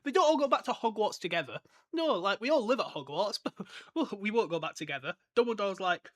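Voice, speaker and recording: A chatty man hosts a casual book podcast and rambles through his thoughts with plenty of laughs. His voice sits a little high and sounds bright and clear. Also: lively intonation, brisk. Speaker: podcast host. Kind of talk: casual book discussion with read-aloud passages.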